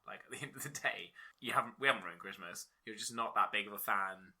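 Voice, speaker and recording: A podcast co-host with a very bright voice and a husky edge. He swears freely and laughs his way through loose, animated banter. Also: fairly low pitch, quick pace. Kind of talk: casual podcast chat.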